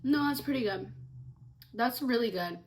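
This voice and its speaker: Tearful young woman telling a story, high voice. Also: expressive, normal speed, a little hiss or hum. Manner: shaken, rambling, many fillers. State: tearful, sniffly. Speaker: vlogger. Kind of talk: emotional storytime vlog.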